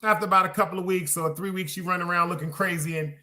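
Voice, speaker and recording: A man hosting a podcast in a high, bright voice, preaching to his listeners with blunt, profane force. He keeps putting questions to the audience and talks in a heavy style. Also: steady tone, quick pace. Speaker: podcast host. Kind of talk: casual preaching monologue to a live chat.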